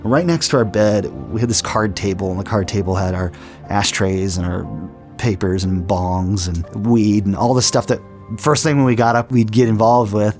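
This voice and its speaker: A man's voice: on the low side, moderate pace. A middle-aged man telling his personal testimony in an earnest storytelling way, with frequent restarts. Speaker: testimony speaker. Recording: soft music underneath.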